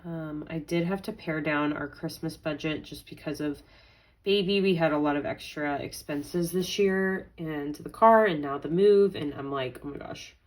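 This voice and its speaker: A young pregnant woman with a low voice talks at a moderate pace in a low-quality recording. A budgeting vlogger, she chats casually while counting out cash aloud, with some mild talking to herself.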